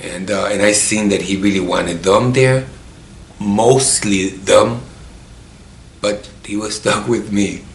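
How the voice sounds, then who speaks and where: A man's voice: on the low side, fairly even intonation, takes it slowly, vocal fry. A man telling a personal story in an emotional, reflective way. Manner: emotional, reflective, acts out remembered dialogue. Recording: roomy with faint background noise.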